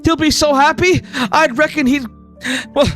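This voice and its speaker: A man's voice: sits high, animated, moderate pace, soft background music. A man voicing a cheerful, tough older aunt in a put-on Scottish accent, exuberant and affectionate, in a tabletop game. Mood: reassuring.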